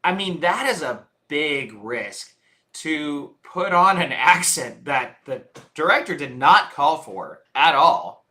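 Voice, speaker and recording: Bright, animated man telling stories. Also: on the high side, takes it slowly. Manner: animated, laughs often while telling stories. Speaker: filmmaker, guest. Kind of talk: casual interview storytelling.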